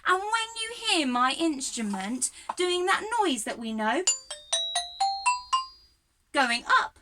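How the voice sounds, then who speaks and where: Very high, bubbly woman teaching small children. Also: sharp tone. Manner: bubbly, sing-song, encouraging, laughs often. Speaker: early years music and drama teacher. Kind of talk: children's singalong and movement lesson.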